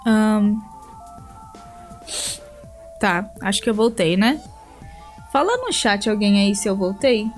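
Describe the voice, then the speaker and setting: A woman from Brazil with a Brazilian Portuguese accent, streaming live and chatting quickly and casually with her chat, swearing now and then. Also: medium pitch, animated, faint music behind.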